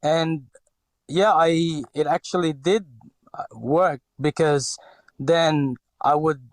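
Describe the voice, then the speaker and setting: A man in his forties with a light Filipino accent, from the Philippines, speaks slowly in a higher voice with fairly even intonation on a dry recording. He's a podcast guest whose speech is hesitant, dotted with fillers and restarts.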